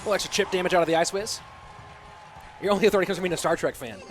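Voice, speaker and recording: A high-pitched American man commentates an esports match live. He chats easily with viewers between plays, and clear music plays behind him. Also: very fast. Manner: chatty, reads out and answers viewer chat.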